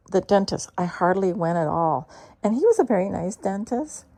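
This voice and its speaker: A woman casually telling a meandering personal story to her cat, chatty and full of restarts, sometimes dropping to hushed asides. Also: medium pitch, big pitch swings, moderate pace. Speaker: vlogger talking to her cat.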